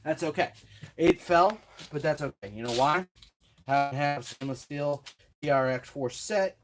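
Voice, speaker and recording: A man's voice: a little high, unhurried, faint music behind. A man hosting a hands-on build tutorial, chatting casually and talking himself through each step with self-deprecating asides, at a home workbench. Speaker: RC hobby tutorial host.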